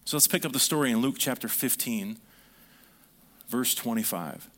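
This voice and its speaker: A man preaching a sermon, reading scripture aloud and acting out the quoted lines with lively swings in his delivery. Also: mid-range voice, normal speed. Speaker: pastor.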